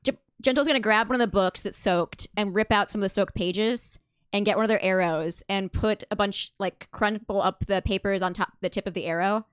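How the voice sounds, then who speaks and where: A woman's voice: medium pitch, brisk, clean tone, no echo. A woman playing a tabletop game, talking in a playful, hesitant way. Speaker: player.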